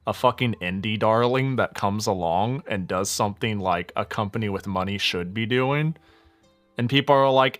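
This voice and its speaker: A man streaming and chatting casually, ranting with lots of swearing and quick laughs. His voice sits at a middle pitch, and faint music plays behind him. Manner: profane, animated ranting with frequent laughs. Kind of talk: casual gaming stream chat.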